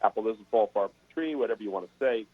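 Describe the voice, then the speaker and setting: An older man, a sports broadcaster and guest, telling animated stories in a casual interview and repeating words as he goes. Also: fairly low pitch, very fast, breathy edge, dry recording. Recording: dry, tinny phone-like sound.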